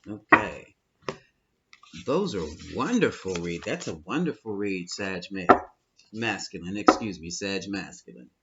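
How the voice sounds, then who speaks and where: A man's voice: low-pitched, animated, normal speed, dull audio, very noisy. A man giving a tarot reading, effusive and affectionate, calling the listener honey and my love. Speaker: tarot reader.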